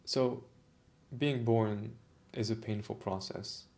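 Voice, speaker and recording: A man's voice: fairly low pitch, steady tone, takes it slowly, a little mellow. A man talking reflectively to camera about his own experience, with frequent restarts, repeated phrases and moments of emotion. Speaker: vlogger on autistic culture. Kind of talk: reflective personal monologue.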